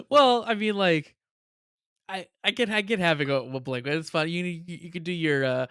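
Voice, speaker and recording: A man co-hosting a casual reaction podcast, chatty and quick to laugh as he recaps episodes. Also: fairly high pitch, clean tone, no room sound, clean studio sound. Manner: chatty, laughs often, animated retelling. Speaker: podcast co-host.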